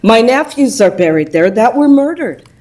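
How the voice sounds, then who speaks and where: A woman's voice: fairly high pitch, very animated, moderate pace, background noise. A woman speaking emotionally and indignantly during public comment at a city council meeting.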